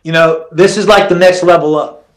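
Laughing, animated middle-aged man telling stories. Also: fairly high pitch, normal speed. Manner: animated storyteller, laughs through anecdotes, many restarts. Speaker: former fighter, podcast guest. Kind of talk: casual storytelling interview.

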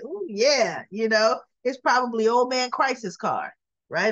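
An older woman in her sixties, somewhat high-pitched, chatting her way through a casual episode recap. She talks in a lively, animated way, and the dry, close recording has slightly dull, lo-fi audio. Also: unhurried, no room sound. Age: 60s. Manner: chatty, acting out the characters' lines with lively pitch jumps. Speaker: soap opera recap vlogger.

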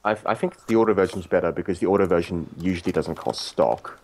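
Low-voiced man reviewing cards. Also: fast talker, darkish tone. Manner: analytical, talks through card text. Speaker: card game reviewer. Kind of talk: casual podcast discussion.

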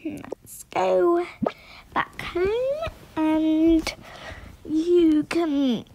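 A woman's voice: very high-pitched, steady tone, drawn-out words, gravelly, warm tone, slight background noise. A woman vlogger talking through a role-play to her viewers, often dropping to a whisper.

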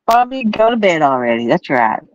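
A woman's voice: on the low side, sing-song, fairly quick, no room sound. A woman hosting a fishing livestream from a pontoon boat at night, chatting and reading viewer comments in a drawling, playful way. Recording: slightly dull, lo-fi sound.

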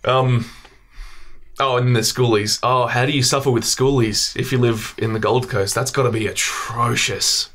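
A man's voice: mid-range voice, steady tone, normal speed, fairly bright tone. A young Australian man co-hosting a casual podcast, joking and swearing, self-mocking and laughing often. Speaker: podcast co-host.

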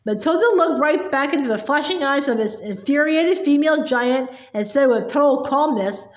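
A woman's voice: high-pitched, lively intonation, moderate pace, few pauses, echoey room. A woman reading a chapter book aloud, narrating expressively. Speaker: storybook reader.

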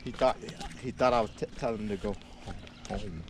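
A man chatting casually outdoors in a rural yard, with a relaxed, drawling way of talking. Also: lowish voice, a little fast. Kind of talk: casual chat. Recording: noisy outdoor phone recording.

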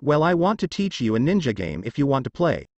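A man's voice: mid-range voice, sing-song, fairly quick, no room sound, muffled recording. A man reading a story aloud, voicing a sly adult ninja woman who speaks in a silky, coaxing way.

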